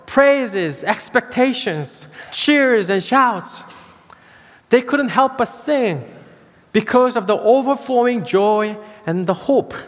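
A pastor preaches in a high, lively voice that rises and falls with every phrase. He takes his time, slowing down and leaning on repeated words with dramatic pauses, while long reverb from a large hall trails after him. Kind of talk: sermon.

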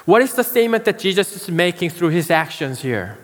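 A man preaching a sermon as pastor, slow and emphatic, pausing to stress key words. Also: high voice, big pitch swings, long reverb tail.

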